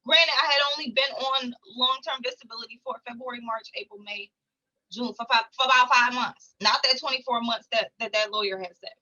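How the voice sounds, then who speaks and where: Bright, sharp-toned woman vlogger. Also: a little high, brisk, lo-fi sound. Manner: animated, chatty, addresses viewers as guys. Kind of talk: casual storytelling to camera.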